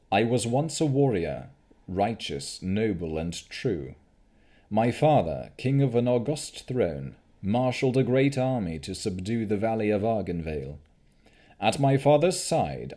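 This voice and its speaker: Man voicing an ancient warrior-lord, grandiose, very slow, dark low tone, audiobook. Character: ancient male warrior-lord writing his proud confession.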